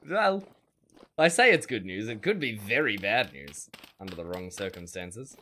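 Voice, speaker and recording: A man's voice: lowish voice, big pitch swings, a little slow, sharp tone, a little hiss or hum. A man streaming a survival game, rambling in a wry way and chatting with his viewers. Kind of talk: casual gameplay commentary.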